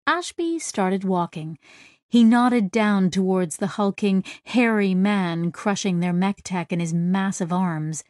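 Female audiobook narrator, unhurried and even, dry close mic. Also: medium pitch, no echo. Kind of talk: scripted narration.

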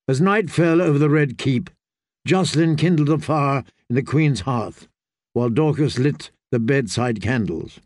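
A man reading an audiobook as narrator, in a measured, even delivery. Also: mid-range voice, dry recording, clean studio sound. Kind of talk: scripted narration.

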